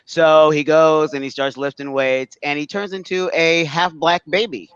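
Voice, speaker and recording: A man comedian improvising a comic story, halting with many fillers. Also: on the high side, steady tone, a bit bright, clear, resonant tone, dry recording. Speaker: comedian contestant. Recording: dry, dull lo-fi audio.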